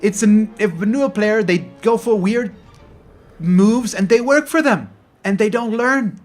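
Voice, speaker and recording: A man's voice: high-pitched, unhurried, soft background music. Salty, sighing gaming commentator man. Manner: frustrated, sighing, openly salty. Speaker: gaming channel host. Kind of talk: let's play commentary.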